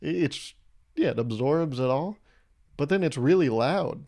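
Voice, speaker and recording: A man's voice: fairly high pitch, expressive, unhurried, a little mellow. A young man hosting his own podcast, riffing through a crude, rambling comedic monologue with a self-amused edge. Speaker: podcast host.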